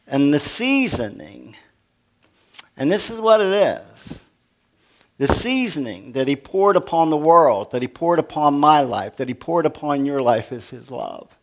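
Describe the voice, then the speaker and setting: Slow-preaching older male pastor. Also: a little high, expressive. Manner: folksy, humorous preaching that asks the congregation questions. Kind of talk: sermon.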